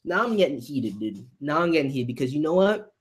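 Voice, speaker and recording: Heated, swearing man with lively pitch. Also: fairly quick. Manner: heated, ranting, stammering repeats, swearing; reads panel lines aloud softly. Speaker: manga reaction host. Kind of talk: live manga chapter reaction.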